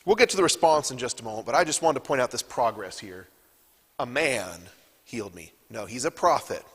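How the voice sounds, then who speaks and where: A man's voice: medium pitch, big pitch swings, quick pace, breathy edge, big-room sound. Man teaching a Bible class. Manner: reads scripture aloud and asks the class questions. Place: church classroom.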